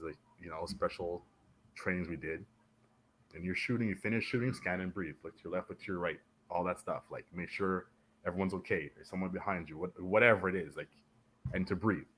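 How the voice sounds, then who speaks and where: Man, deep voice, from Canada, military veteran, animated storyteller, podcast guest. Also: a little hiss or hum. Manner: animated, acts out the voices of others in his stories. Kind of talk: casual storytelling in a podcast interview.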